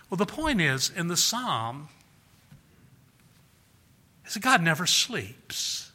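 A man's voice: a little high, very animated, slow, long pauses, pushed and bright, big-room sound. A man preaching a sermon in an earnest way, often repeating words and raising his voice to act out quotes. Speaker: pastor.

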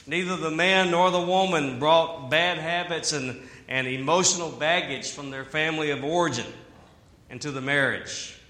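A man preaching a sermon in an animated way, with humor and asides. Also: on the high side, moderate pace. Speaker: pastor. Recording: echoey hall.

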